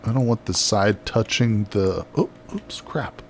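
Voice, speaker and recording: A man's voice: on the low side, animated, unhurried, slight background noise. A man chatting casually on a live game stream, reading out viewer messages and laughing often. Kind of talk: casual live-stream chat while building.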